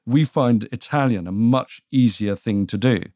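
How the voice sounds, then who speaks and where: A British man co-hosting a casual history chat, telling it in a measured, dryly wry way. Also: mid-range voice, a little mellow, no echo, studio quality. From Britain.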